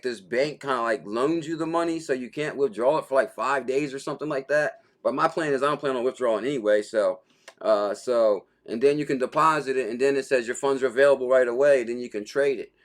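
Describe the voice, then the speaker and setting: With a mid-range voice, this man runs a daily crypto livestream, reading viewer comments aloud and chatting casually. He is laid-back and slangy, and he laughs easily.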